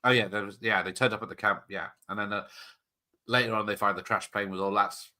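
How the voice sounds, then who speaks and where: A man's voice: lowish voice, steady tone, quick pace, pushed and bright. A man hosting a watch-party stream, chatting and joking through rambling tangents. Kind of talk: casual live-stream commentary.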